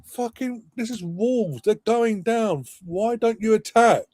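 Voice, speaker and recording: Guy moaning sarcastically about the football, slightly high voice, dry sound. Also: slow pace, darkish tone, no echo. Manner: bitter, sarcastic, sweary. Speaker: football fan co-host. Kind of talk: angry live match watchalong rant.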